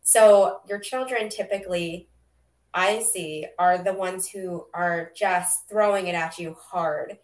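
A woman on a podcast calmly explaining how parents pass their trauma on to their kids. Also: fairly low pitch, slow, recorded from a distance. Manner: reflective, explanatory. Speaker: podcast co-host, therapist. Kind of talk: casual podcast chat. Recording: echoey room, away from the mic.

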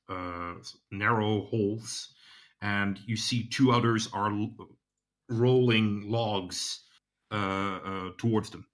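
Guy GMing a tabletop game, lowish bright voice, lots of uhs and restarts. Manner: hesitant, many fillers and restarts. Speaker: game master.

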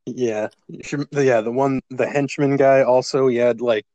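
A man's voice: mid-range voice, steady tone, moderate pace, warm tone, no echo, lo-fi sound. A man co-hosting a podcast, laughing often and casually agreeing while discussing a film. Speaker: podcast co-host. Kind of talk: casual movie review chat.

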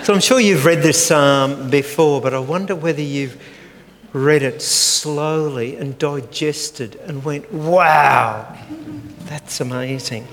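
An older man preaching a sermon, slow and earnest as he reads scripture aloud. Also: fairly high pitch. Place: church hall. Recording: long church hall reverb, faint room noise.

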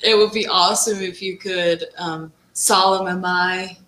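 A woman's voice: on the low side, fairly even intonation, noisy background. A mother chatting as a podcast guest, giggly and easygoing. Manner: giggly, slow and easy. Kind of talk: casual chat. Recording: echoey room.

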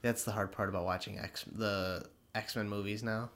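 A man's voice: fairly low pitch, level tone, normal speed, a bit bright. A man co-hosting a podcast in loose casual chat, rambling and swearing, laughing often. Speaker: podcast co-host.

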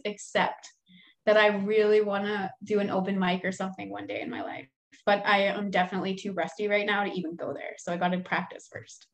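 Young woman talking openly, swears a lot, laughs at herself, easygoing chat. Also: mid-range voice. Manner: candid, swears freely, self-deprecating. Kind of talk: casual chat.

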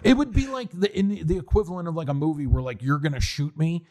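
A man's voice: a little high, fast. A man co-hosting a podcast, talking casually and swearing as he reviews a movie, with frequent laughs and restarts. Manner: animated, swearing, laughing, restarts mid-sentence. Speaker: podcast co-host.

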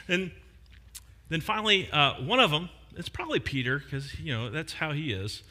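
A male pastor preaching a sermon, telling the story in a casual, joking way and slipping into voices for the people in it. His voice is very bright and somewhat high, with pitch that swoops widely as he talks. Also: brisk. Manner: animated storytelling with acted voices.

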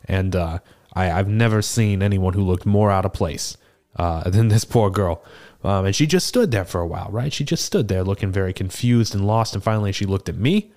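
A man's voice: deep voice, normal speed, darkish tone. A man playing a seasoned male tortle cleric who tells a tavern tale in a chatty, rambling way, full of fillers and restarts. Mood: animated. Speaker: player character in an improvised tavern scene. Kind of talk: improvised in-character storytelling.

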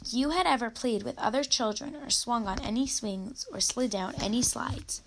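A clever, slightly impatient little boy from a read-aloud storybook, played by a woman, pitched high with a quick, bouncy delivery. A faint hiss runs underneath. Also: close to an everyday voice. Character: lively young boy, clever and a bit impatient.

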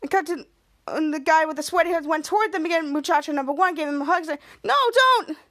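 A woman's voice: high-pitched, very fast. A woman podcast host recapping a TV episode in a rambling, casual way, full of restarts.

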